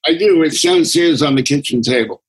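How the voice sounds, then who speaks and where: A man in his nineties, a guest speaking from his home, unhurried and wry with soft chuckles. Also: on the high side, slightly rough, poor audio. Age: 90s. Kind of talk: relaxed conversation.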